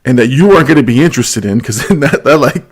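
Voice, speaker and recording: A man's voice: mid-range voice, animated, fast. A man hosting a casual live stream, reading viewer comments aloud and laughing often. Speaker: show host.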